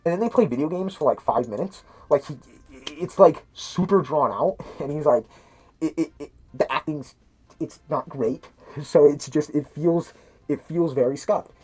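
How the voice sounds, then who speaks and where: With a higher, slightly rough, somewhat mellow voice at a moderate pace, a man gives a meandering, swear-filled movie review, laughing at things and frequently restarting. His voice is a bit muffled because he's speaking through a mask into a cheap microphone.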